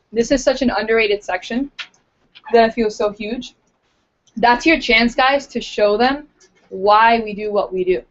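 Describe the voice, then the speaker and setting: A woman recruiter coaching a small group in a casual, chatty way, full of fillers, acting out interview lines as she goes. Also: mid-range voice. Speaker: recruiter giving training. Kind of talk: casual training talk to a group. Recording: dull lo-fi recording.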